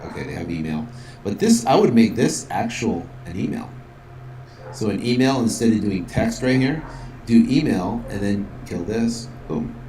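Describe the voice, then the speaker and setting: A man's voice: on the low side, lively intonation, moderate pace, mellow, a little hiss or hum. Male instructor, casual screen-tutorial voice, filler-heavy, roomy room tone. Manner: casual, upbeat, many fillers, acts out sales calls. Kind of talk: software walkthrough tutorial.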